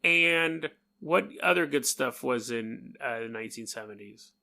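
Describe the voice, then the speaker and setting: A man's voice: mid-range voice, animated, measured pace, creaky, pushed and bright. A man with a New York accent hosting a podcast, telling a story in a rambling, jokey way and imitating sounds. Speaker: podcast host. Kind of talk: casual storytelling monologue.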